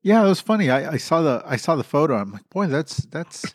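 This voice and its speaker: Soft-spoken man co-hosting a chat. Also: fairly high pitch, big pitch swings, a little fast, no echo, clean studio sound. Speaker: podcast co-host. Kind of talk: casual chat.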